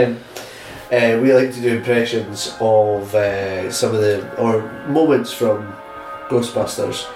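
A man's voice: medium pitch, steady tone, slow pace, over music. Man, podcast host, casual chat, rambling, laughing, swearing, echoey room, distant mic.

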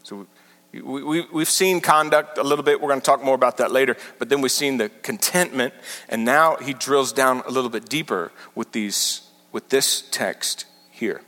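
A man preaching a sermon as pastor, teaching with animated, emphatic repetition. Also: medium pitch, normal speed. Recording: large hall with long reverb.

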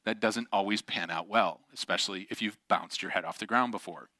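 A man's voice: low voice, brisk, dry recording. A man giving a casual, story-driven sermon, animatedly acting out the voices of the people in his stories. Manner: animated, acts out quoted voices. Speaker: preacher.

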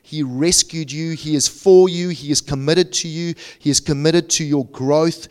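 A man's voice: on the high side, steady tone, a little slow, clear, resonant tone, big-room sound. Passionate man preaching a sermon. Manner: passionate, rising to urgent repetition then softening into hushed prayer. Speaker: pastor. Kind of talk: sermon and closing prayer. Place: church sanctuary.

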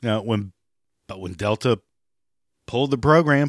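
A hoarse man with a raspy voice, giving sarcastic, profane commentary and mocking the people he talks about. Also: mid-range voice, normal speed, long pauses, no echo, studio quality. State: hoarse, clearing throat and coughing. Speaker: commentary vlogger. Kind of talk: ranting commentary.

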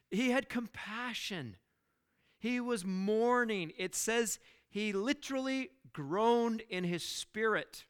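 Male pastor, high and clear voice, slow earnest sermon delivery, rhetorical questions. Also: fairly bright tone. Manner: earnest preaching with rhetorical questions and repeated words.

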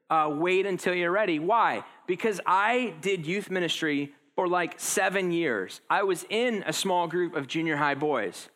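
Bright, animated man preaching. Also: fairly high pitch. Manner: conversational and animated, acting out quotes. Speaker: pastor. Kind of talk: sermon.

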